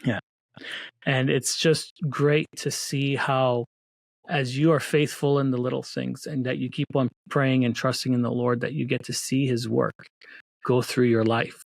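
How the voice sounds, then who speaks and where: A man's voice: medium pitch, level tone, unhurried, gravelly, no room sound. Earnest man telling his story, dry sound. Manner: earnest, faith-filled storytelling with restarts. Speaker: guest, children's book author. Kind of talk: casual interview talk.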